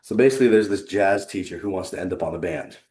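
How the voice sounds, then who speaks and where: A man giving an earnest, conversational presentation on a video call, pausing for effect. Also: deep voice, mellow, reverberant. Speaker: leadership consultant and presenter. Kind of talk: presentation to a remote audience.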